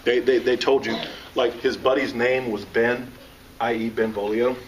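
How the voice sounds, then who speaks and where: Here a man from the American South, both author and teacher, performs jokes and stories for a live audience in an animated, joking style. His pitch is medium and his speed normal. Background noise comes through the distant mic, which sits among the audience.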